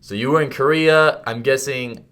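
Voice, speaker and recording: Chatty young podcast host who swears. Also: male voice, mid-range voice, normal speed, clear, resonant tone. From Maryland. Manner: chatty, swears freely, tells animated anecdotes. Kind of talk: casual interview chat.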